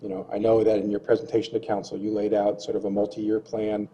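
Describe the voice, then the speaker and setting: A man with a low, flat voice leads a public meeting discussion. His tone is warm and dark as he poses long, measured questions. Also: muffled recording, a little hiss or hum. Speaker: discussion facilitator.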